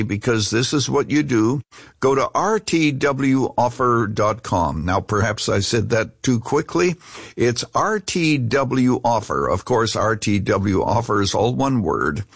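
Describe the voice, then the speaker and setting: A man speaks straight to listeners with a husky voice and lively, rising and falling pitch. The studio sound is dry, with faint music underneath. He spells out details carefully. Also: no echo. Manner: warm direct address, reads out contact details carefully. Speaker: pastor and radio host. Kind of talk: fundraising appeal to listeners.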